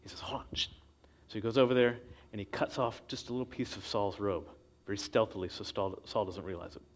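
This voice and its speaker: A man's voice: fairly low pitch, quick pace. A man preaching a sermon in a casual, storytelling way, acting out the quotes he tells. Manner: conversational storytelling with acted quotes.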